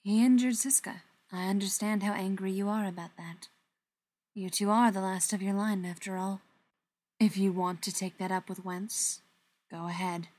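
A woman reading an audiobook, voicing a male gang leader who talks in a sharp, firm, impatient way. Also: mid-range voice, fairly even intonation, normal speed, lightly acted.

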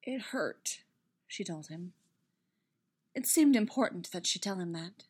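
Expressive woman reading a dramatic story. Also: lowish voice, a little slow, husky. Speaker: narrator. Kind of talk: storybook reading of fan fiction.

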